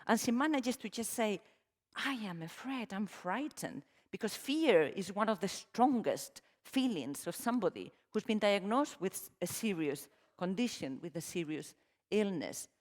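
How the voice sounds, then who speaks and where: A middle-aged woman from Spain with a Spanish accent, giving a lively, emphatic conference talk with frequent restarts. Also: mid-range voice, normal speed. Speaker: conference speaker. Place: conference hall. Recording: long hall reverb.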